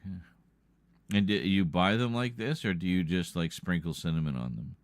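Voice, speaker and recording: A man's voice: low voice, moderate pace, dry recording. A man hosting a livestream in loose, rambling casual chat, often breaking into laughter. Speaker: livestream host.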